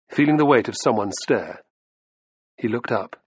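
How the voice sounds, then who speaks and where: A male audiobook narrator with a husky, breathy voice that rises and falls expressively. The reading is dramatic, on a dry, dull, lo-fi recording with no room sound. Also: medium pitch, lively intonation, moderate pace, no room sound.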